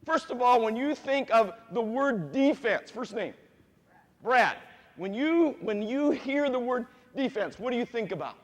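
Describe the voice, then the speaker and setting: A man coaching a youth basketball clinic, quizzing the players and repeating key points with animated energy. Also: very high voice, a little slow, long reverb tail. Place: gym with players on court.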